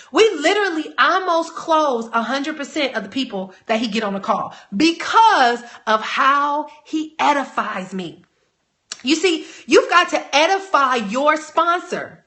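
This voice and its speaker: A woman coaching network marketers in a live training talk, energetic and emphatic, rallying her audience. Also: high voice, normal speed.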